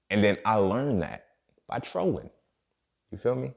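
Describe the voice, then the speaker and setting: A man's voice: mid-range voice, very animated, moderate pace, vocal fry, long pauses, a little mellow. A young man talking casually on his podcast in a streetwise, profane way, often asking "you feel me". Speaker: podcast host. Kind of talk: casual monologue.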